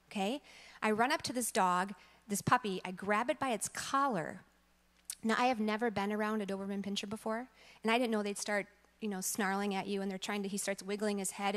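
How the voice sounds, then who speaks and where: Animated woman preaching in reverberant church. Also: medium pitch. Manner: animated storytelling, acts out quotes. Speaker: church teacher. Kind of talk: storytelling sermon. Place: church sanctuary.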